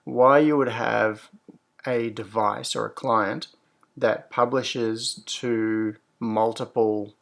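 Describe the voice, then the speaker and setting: Man, gravelly voice, casual livestream host, chatty and rambling, mid-pitched. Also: steady tone, slow pace, a bit bright. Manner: upbeat greetings, rambling technical explanations.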